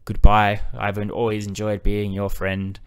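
A man voicing a calm, polite male ship computer that speaks in a monotone while apologizing. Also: lowish voice, a little slow, smooth.

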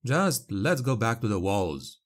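A man's voice: fairly low pitch, sing-song, a little slow. Weary young knight, as a man reads him. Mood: weary, anxious.

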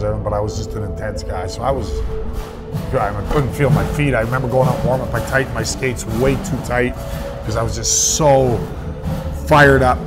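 A man in his fifties, a guest telling emotional stories in an interview. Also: medium pitch. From Canada. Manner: emotional, lively storyteller. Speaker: guest, hockey analyst. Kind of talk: storytelling interview.

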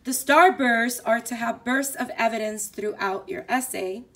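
A teacher vlogger with a slightly raised pitch and a raspy edge to her voice. She talks casually and cheerfully, explaining each classroom activity step by step. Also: a little slow, a bit bright. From South Florida. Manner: upbeat, explanatory, walking through classroom materials. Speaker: fourth grade teacher.

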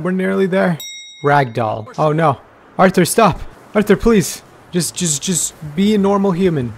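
An excitable man narrating his own gameplay in a fairly high voice. He laughs and blurts out reactions constantly, switching between panic and amusement as a let's play host. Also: slight background noise. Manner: excitable, frequent laughs and exclamations. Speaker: gaming YouTuber.

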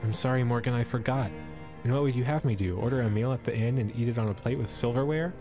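A man's voice: mid-range voice, quick pace, music in the background, close to an everyday voice. A man voicing a wry, teasing male creature companion in a storybook adventure, in a voice close to his own.

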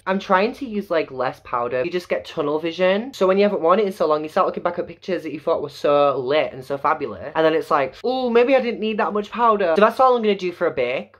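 A young man from Yorkshire with a Yorkshire accent, chatting casually and going off on tangents in a home makeup vlog. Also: a bit bright. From Yorkshire, England. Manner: chatty and tangential, with sudden high exclamations. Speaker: vlogger. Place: home bedroom.

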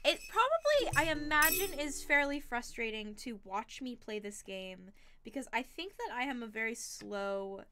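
Young female streamer, bright voice, unhurried and chatty, self-deprecating. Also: a little high, slight background noise. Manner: chatty, self-deprecating, reads chat aloud. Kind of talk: casual gaming stream chat.

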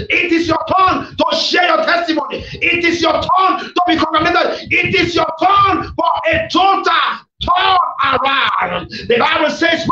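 In a shouted prayer-meeting style, a man preaches a fervent sermon, declaring and repeating phrases over the congregation. His voice is very high, pushed and bright. The recording is echoey and dull, lo-fi with faint noise.

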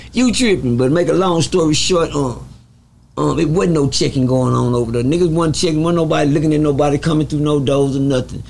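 A man from Texas, telling prison stories in an animated, profane, casual interview style and acting out the quotes. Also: fairly high pitch, brisk, gravelly, heavy background noise. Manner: animated, profane, laughs through the story. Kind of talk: casual storytelling with acted-out quotes.

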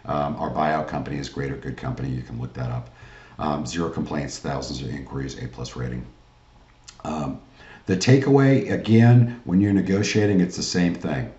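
A man's voice: very deep voice, moderate pace, mellow, roomy sound, highs cut off. A man giving a sales training lecture in a pushy pep-talk manner, often asking "right?" and calling the audience "guys.".

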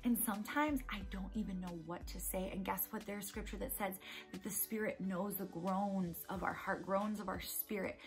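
A woman's voice: medium pitch, normal speed, soft background music. A woman giving a casual devotional message at home, speaking earnestly and conversationally and repeating key phrases for emphasis. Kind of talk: casual devotional encouragement talk.

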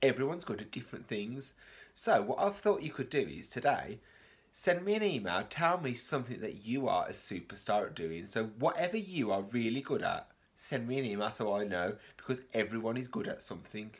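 A man, a reception class teacher, reads a picture book aloud for a remote lesson. He is animated, gasps at turns in the story, and asks the children questions. His pitch sits in the middle. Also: fairly quick. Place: home, remote lesson video.

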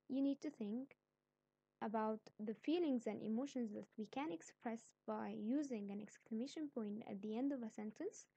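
Higher-voiced woman teaching grammar, mellow, dry. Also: creaky, breathy edge, dry recording. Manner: patient, explains step by step, then acts out example sentences. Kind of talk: grammar lesson.

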